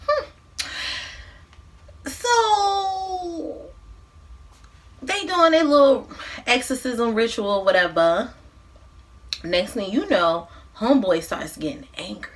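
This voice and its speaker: A woman vlogger casually recapping a movie, with animated, slangy, profane storytelling. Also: fairly high pitch. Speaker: mukbang vlogger.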